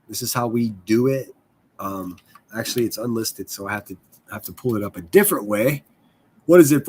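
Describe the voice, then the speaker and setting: A man's voice: medium pitch, a little hiss or hum. A man hosting a casual livestream, rambling and swearing freely as he chats with viewers. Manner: profane, rambling, self-deprecating. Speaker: livestream host.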